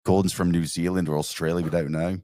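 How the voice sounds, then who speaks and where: A man's voice: low-pitched, level tone, quick pace, dark tone, no room sound. Man, casual podcast banter, crude and laughing, dry studio sound. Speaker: podcast co-host. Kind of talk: casual chat.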